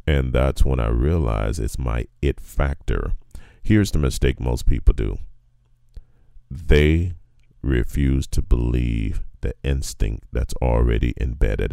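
A man with a cavernously low bass voice full of gravel and fry. His tone is dark and mellow, and his delivery is laid-back and colloquial, stretching words for emphasis. The sound is dry and close. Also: measured pace. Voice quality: very deep bass voice. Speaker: guest. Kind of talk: casual motivational storytelling.

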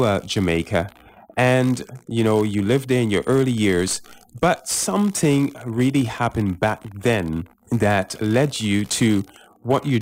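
A man hosting a radio interview show, enthusiastic, stretching words for emphasis, with many uhs. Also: lowish voice. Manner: enthusiastic, drawn-out emphasis, fillers.

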